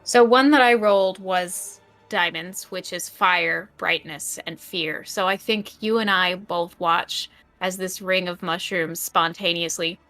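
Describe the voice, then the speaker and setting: A woman narrating and explaining her moves in a tabletop role-playing game in a measured way. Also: fairly low pitch, pushed and bright, faint music behind. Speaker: player.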